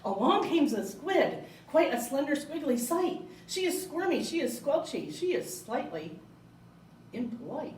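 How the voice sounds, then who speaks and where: A woman hosting a library storytime, reading picture books aloud in a playful, animated way. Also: sits high, a little slow, a little hiss or hum. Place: library room. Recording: echoey room, mic far off.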